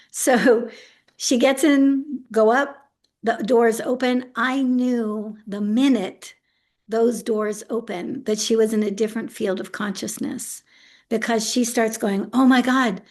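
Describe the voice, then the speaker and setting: Animated middle-aged woman telling a story. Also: a little high, slow pace. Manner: animated storyteller, acts out quoted speech, laughs often. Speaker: autism integration specialist, interview guest. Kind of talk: casual interview storytelling.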